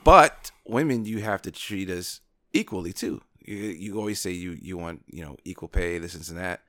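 Deep-voiced man speaking earnestly. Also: moderate pace, fairly bright tone, no echo, clean studio sound. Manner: earnest, hesitant, restarts often. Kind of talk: casual chat.

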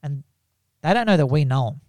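A comedian telling a story in casual chat, acting out the people in it and laughing often. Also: male voice, fairly high pitch, expressive, a little fast, a little mellow, no echo.

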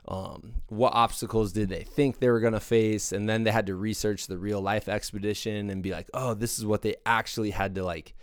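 Deep-voiced enthusiastic man, rambling. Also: clean tone, no echo, clean studio sound. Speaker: podcast host. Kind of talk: casual monologue.

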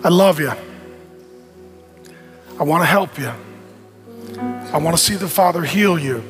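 A middle-aged male pastor giving a sermon, preaching emphatically in repeated rhythmic phrases, rising to shouts and dropping to soft, intimate tones. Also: fairly high pitch, unhurried, soft background music. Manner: rises to shouts at peaks, drops soft and intimate.

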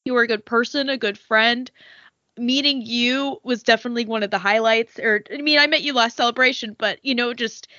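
A woman's voice: a little high, a little fast, bright, forceful tone, no room sound, lo-fi sound. A woman co-hosting a podcast in casual chat, emotional and rambling, with lots of fillers and swearing. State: tearful. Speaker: podcast co-host.

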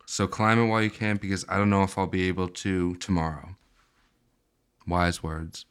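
Low-voiced man, smooth and dry-humored. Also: flat delivery, moderate pace, fairly bright tone. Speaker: podcast co-host. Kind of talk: casual chat about movies.

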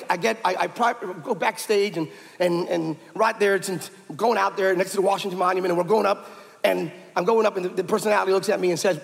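Gravelly high-voiced preacher in a hall. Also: male voice. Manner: humorous, rising to shouted prayer. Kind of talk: sermon storytelling. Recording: reverberant hall.

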